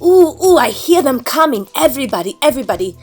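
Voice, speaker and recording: A woman's voice: high voice, sing-song, fast talker, a little mellow, soft background music. A woman doing a fawning haunted-house master. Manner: fawning, repeats "wonderful". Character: scheming master of a haunted house, smooth host. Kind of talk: toy play story voicing.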